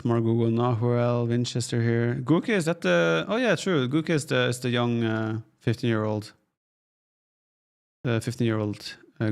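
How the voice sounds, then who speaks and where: A man doing casual live-stream commentary on an esports match from his home office, relaxed and thinking aloud while reading out chat questions. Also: on the low side.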